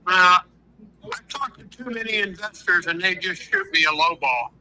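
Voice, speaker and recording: A man's voice: sits high, moderate pace, bright, forceful tone, low-quality recording. A man selling his house over the phone, blunt and wary, getting straight to the terms. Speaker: home seller on the phone.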